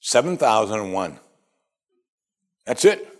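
A man preaching a sermon, animated and asking his listeners one rhetorical question after another. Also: fairly low pitch, slow pace. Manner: animated, asks the audience many rhetorical questions. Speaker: pastor.

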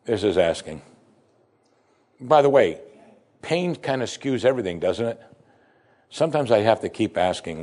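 A man preaching a sermon, animated, swinging between loud emphasis and soft, quiet asides. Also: lowish voice, normal speed, pauses often.

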